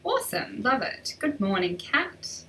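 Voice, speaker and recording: A woman's voice: on the high side, big pitch swings, a little slow, sharp tone, far from the mic, slight background noise, low-quality recording. A woman riding coach hosting a live stream, chatty and upbeat as she reads out and answers viewer questions.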